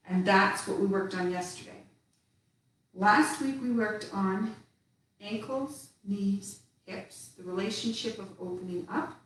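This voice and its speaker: A woman teaching a tai chi class, calmly cueing each movement step by step with the odd laugh. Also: mid-range voice, slight background noise. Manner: slow calm cueing of movements, occasional laughs. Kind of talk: live online movement class. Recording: echoey room, speaker far from the mic.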